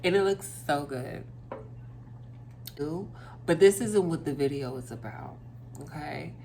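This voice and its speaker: A woman's voice: low voice, lively intonation, unhurried, vocal fry, mellow, slight background noise. A woman vlogging at her dinner table, chatting casually and talking straight to her viewers. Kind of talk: casual chat to camera over dinner.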